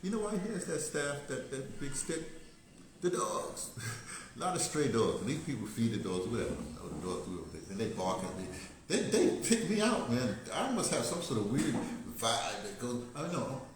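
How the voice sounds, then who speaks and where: A man's voice: mid-range voice, sing-song, brisk, a little hiss or hum. An older American man talking in a rambling, casual monologue, digressing and laughing often. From United States. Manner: digressive, laughing, many restarts. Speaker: vlogger. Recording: very echoey room.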